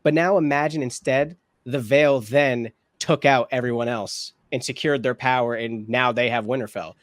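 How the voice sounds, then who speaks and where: Guy thinking out loud on a reaction show, lots of restarts, mid pitch, dry sound. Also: fairly even intonation, normal speed, no echo. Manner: thinks aloud, hedging and restarting. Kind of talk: casual discussion.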